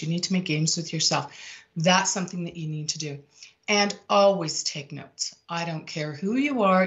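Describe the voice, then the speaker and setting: Woman, sales coach, emphatic, repetitive, low voice, muffled sound. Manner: emphatic, repetitive, animated delivery. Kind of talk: energetic sales tips talk. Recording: dull lo-fi sound.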